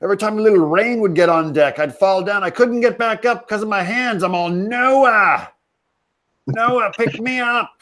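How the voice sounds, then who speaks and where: A man's voice: sits high, moderate pace, fairly bright tone. A man doing a whiny cursed T-Rex. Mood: mock-lament. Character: clumsy cursed male T-Rex with tiny arms. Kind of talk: improvised comic bit.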